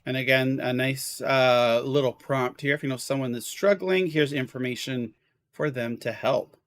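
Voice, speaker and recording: A man's voice: medium pitch, moderate pace, fairly bright tone, dry recording. A man live-streaming a video game, chatting casually with viewers, exclaiming at the graphics and apologizing for hiccups.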